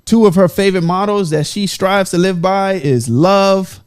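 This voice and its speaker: A man's voice: high-pitched, normal speed, smooth. A man hosting a casual podcast chat, telling stories and laughing often. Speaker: podcast host.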